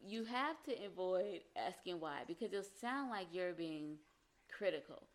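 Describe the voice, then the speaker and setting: A woman's voice: lowish voice, lively intonation, measured pace. Earnest woman giving relationship advice. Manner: earnest, explains with acted-out example phrases. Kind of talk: casual advice talk.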